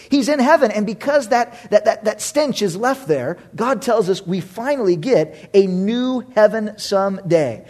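A man in his thirties preaching a sermon, animated and humorous, jumping from loud exclamations to hushed asides. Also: high-pitched. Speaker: pastor.

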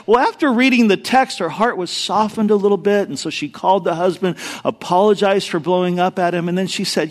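Middle-aged male pastor, high voice, animated comic sermon storyteller. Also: a little fast, hardly any pauses. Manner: animated storytelling, acts out quoted voices, addresses the congregation directly. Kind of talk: sermon with humorous stories.

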